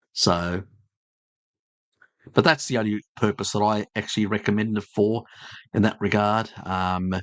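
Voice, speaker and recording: A low-pitched Australian man hosts a casual live stream, answering his chat bluntly and with plenty of jokes. He rambles along with lots of ums and uhs. His voice sounds dry and close, with no room echo. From Tasmania, Australia. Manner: blunt, joking, rambling with fillers.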